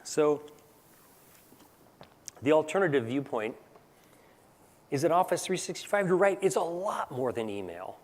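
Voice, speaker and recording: A man's voice: fairly high pitch, sing-song, unhurried, pauses often, in a large hall. A man giving a conference presentation in a casual, conversational way, tagging points with "right?". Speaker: technical presenter. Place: large conference hall.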